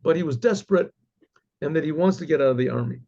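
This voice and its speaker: Gravelly male rabbi telling a story. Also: on the high side, dark tone, dull audio. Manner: halting, with restarts and frequent throat clearing. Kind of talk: oral storytelling.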